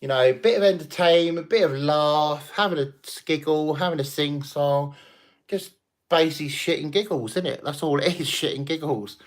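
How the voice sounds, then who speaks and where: Hosting a relaxed late-night stream after a few drinks, a tipsy man rambles, swears, and laughs with his viewers. His pitch sits fairly high and he speaks at a moderate pace.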